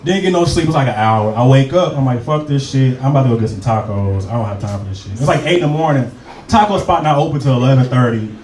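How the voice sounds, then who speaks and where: Speaking fast in a mid-range, slightly mellow voice, a young male comic runs through a crude, easygoing set of stories and crowd work onstage at a comedy club. There's a little hiss or hum over the distant, roomy live sound, with the crowd in the mix.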